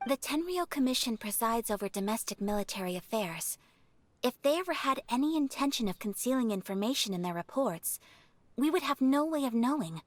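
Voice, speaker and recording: A man voicing a calm, calculating noble strategist in a game, measured and composed. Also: very high voice.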